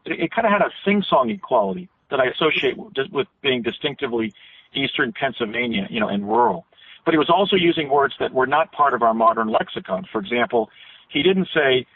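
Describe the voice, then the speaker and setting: A man's voice: mid-range voice, lively intonation, quick pace, slight background noise. A man guest on a radio interview, telling long rambling recollections with frequent restarts. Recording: tinny phone line.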